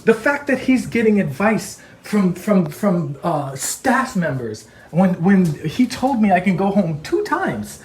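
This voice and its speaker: A man arguing heatedly on a call, ranting and mocking others in quick impressions. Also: sits high, sing-song, a little hiss or hum. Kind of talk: heated phone argument.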